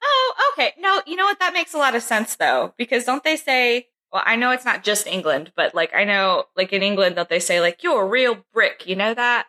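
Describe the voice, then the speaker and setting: A woman co-hosting a podcast in casual chat, giggly and animated, with quick jokes and some swearing. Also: fairly high pitch. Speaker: podcast co-host.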